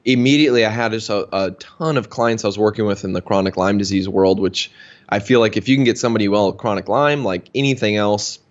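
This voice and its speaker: A man's voice: lowish voice, fast talker, dull audio. A man casually telling a long personal story in an interview, chatty and full of fillers. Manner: chatty, anecdotal, many fillers. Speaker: health practitioner.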